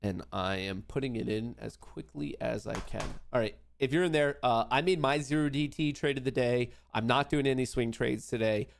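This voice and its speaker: Male livestream host, young adult, loose profane chatter, mid-pitched voice. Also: normal speed, creaky, hardly any pauses. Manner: loose, joking, profane, rambling with restarts. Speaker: livestream trading show host. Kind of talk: casual live-stream commentary.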